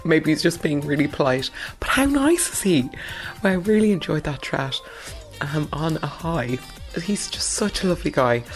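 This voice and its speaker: A young woman with an Irish accent hosting a casual podcast interview, giggly and self-deprecating. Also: a bass voice. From Ireland. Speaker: podcast host.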